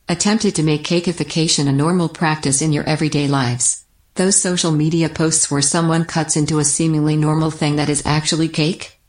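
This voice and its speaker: A low-voiced, deadpan company voicemail greeting, as a woman puts it on. She reads absurd official statements in a matter-of-fact corporate manner. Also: natural voice. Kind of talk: comedic scripted voicemail.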